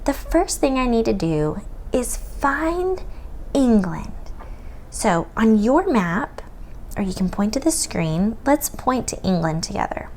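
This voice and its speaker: Slow sing-song woman teaching kids. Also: fairly high pitch, big pitch swings, a little mellow, slight background noise. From United States. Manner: slow, sing-song, drops to whispers for emphasis. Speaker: homeschool tutor teaching children. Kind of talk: children's lesson with a map.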